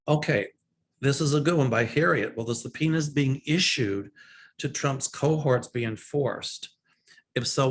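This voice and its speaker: A man's voice: mid-range voice, gravelly. A man answering viewer questions as a psychic host in a casual, opinionated way, with frequent ums and restarts. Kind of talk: casual livestream Q&A.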